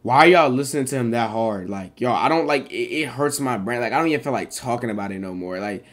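Streaming live with a mid-range voice and a quick pace, this young man rambles casually through his reactions, repeatedly protesting with excitable energy.

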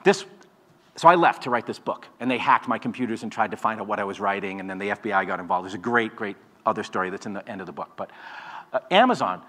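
A man in his forties, an author giving a storytelling talk, wry and animated, mocking the voices he quotes. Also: lowish voice, fast talker. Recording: long hall reverb.

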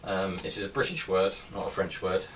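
A man with a fairly low voice talks through his collection in a relaxed show-and-tell way. He hesitates often, filling gaps with ums and starting phrases over. The mic sits a little away from him, with a faint hiss of noise underneath. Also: a little fast, recorded from a distance. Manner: hesitant, many ums and restarts. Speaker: artist showing his helmet collection. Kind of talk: casual show-and-tell vlog.

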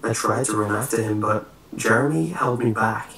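A man narrating a scripted horror story in a slow, measured way. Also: on the low side, gravelly, fairly bright tone. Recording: roomy echo, faint hiss.

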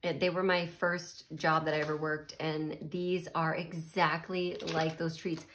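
A woman's voice: sits low, level tone, measured pace, a bit bright, slight background noise. A woman chatting casually while tasting snacks, murmuring and laughing as she eats. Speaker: snack reviewer.

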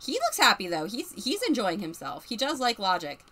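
Bright, animated woman streamer. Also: mid-range voice, moderate pace. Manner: chatty, narrates characters' feelings, laughs often. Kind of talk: casual gameplay commentary.

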